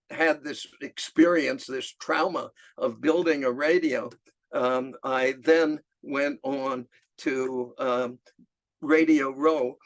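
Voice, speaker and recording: An older man on a video call, telling a lively story about his childhood, laughing often and acting out the voices of the people in it. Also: fairly high pitch, creaky. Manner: animated anecdote, laughing often, acts out voices. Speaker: club member giving a talk. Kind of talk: storytelling talk.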